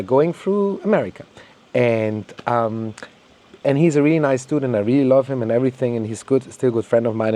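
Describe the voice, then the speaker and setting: Man ranting on a podcast, mellow warm voice, stumbling repeats. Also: mid-range voice. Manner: heated, ranting, swears, repeats words, mocks others in quoted voices. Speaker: podcast host. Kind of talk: opinionated monologue.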